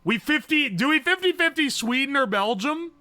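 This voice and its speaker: A man's voice: extremely high pitch, lively intonation, normal speed, bright, forceful tone, dry recording. A young man streaming live, swearing, joking and thinking aloud as he guesses. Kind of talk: casual livestream commentary.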